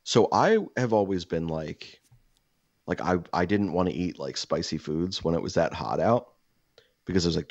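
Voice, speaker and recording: Man, co-host type: very low, gravelly and husky voice, rambling profane storyteller, dry slightly dull mic. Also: moderate pace, dry recording. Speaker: podcast co-host. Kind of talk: casual chat, storytelling.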